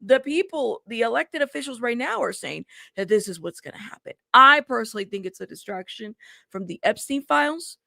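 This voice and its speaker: A woman's voice: on the high side, lively intonation, a little fast, vocal fry, bright, forceful tone, no room sound, clean studio sound. A woman hosting a casual news commentary show, reading headlines aloud and reacting to them in a chatty way.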